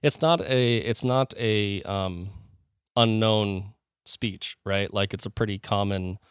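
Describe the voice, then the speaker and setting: A man's voice: fairly low pitch, takes it slowly, clean tone, dry recording, clean studio sound. A man co-hosting a casual podcast, talking eagerly and rambling, with many fillers and restarts. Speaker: podcast co-host.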